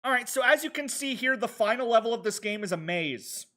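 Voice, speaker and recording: A man's voice: very high-pitched, animated, brisk, sharp tone. A man streaming a retro video game, rambling casually to himself and his viewers as he plays. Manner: rambling, self-talking while playing, chatting with viewers. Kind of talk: casual gameplay commentary.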